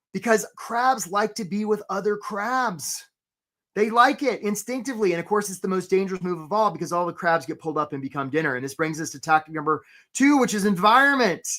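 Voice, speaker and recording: A man hosting a live career webinar. He talks with energy, keeps asking "right?" and gives quick shout-outs to viewers. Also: high-pitched. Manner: acts out voices for stories, playful.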